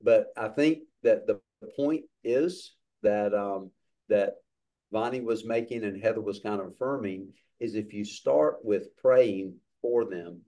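A man's voice: on the low side, a little slow, mellow. A man leading a church discipleship class over a video call, upbeat and encouraging.

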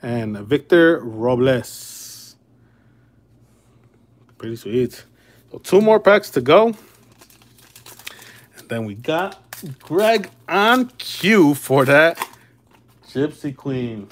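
Hosting a relaxed livestream card break, this Chicago-area man chats with viewers in a chummy way, addressing them as "brother" and "man." He talks at an easy, unhurried pace in a sing-song voice that leans high.

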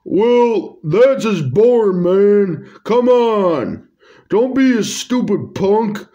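A man voicing a pushy, rude male Easter Bunny who taunts loudly in slang. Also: sits high, animated, drawn-out words, muffled recording, exaggerated voice. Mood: taunting.

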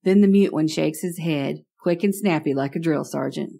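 A woman's voice: sits low, moderate pace, vocal fry, hardly any pauses, mellow. A woman narrating a first-person horror story in a wry, conversational way.

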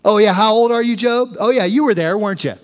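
A man voicing God speaking from a storm, slow and emphatic with mocking questions. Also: high-pitched, very animated, heavily acted. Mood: sarcastic. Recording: long reverb of a church hall.

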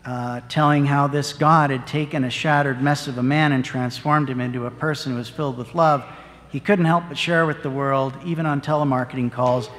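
A parish priest giving a sermon, telling a story in an earnest, measured way. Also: male voice, mid-range voice, steady tone, fairly bright tone. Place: church. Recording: long church reverb.

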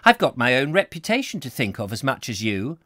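A man voicing a prim, firm young woman in a live book reading, speaking crisply. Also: medium pitch, big pitch swings, brisk, bright, forceful tone, no room sound, clean studio sound, pitched above the performer's own voice. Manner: crisp, decided.

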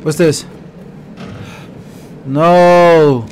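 A young man with a slightly high voice plays through a horror game and reacts out loud, cursing and talking to his viewers as he goes. A faint hiss sits under the recording. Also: steady tone, extremely slow. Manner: jumpy, swears a lot, talks to viewers. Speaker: gaming streamer. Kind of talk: live horror game commentary.

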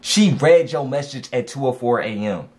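A man giving casual dating advice as he reacts to text messages, animated and slangy, repeating lines for emphasis. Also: medium pitch, moderate pace, very noisy.

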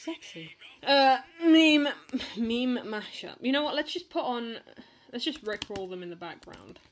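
A woman's voice: a little high, animated, unhurried, a little hiss or hum, low-quality recording. Giggly woman reading fanfiction aloud. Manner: giggly, playful, often breaks into laughter. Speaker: fanfiction reader.

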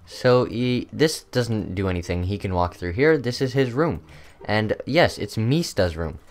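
A man's voice: lowish voice, expressive, measured pace. A young man hosting a gaming video, chatting loosely through his gameplay with lots of ums and uhs. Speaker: gaming channel host. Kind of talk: casual gameplay commentary.

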